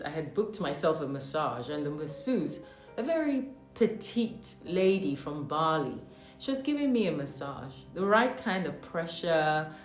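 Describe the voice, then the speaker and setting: A woman from Nigeria telling a personal story in a monologue. She talks animatedly, with mock-outraged asides, and laughs often. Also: lowish voice. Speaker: host. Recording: echoey room with faint music.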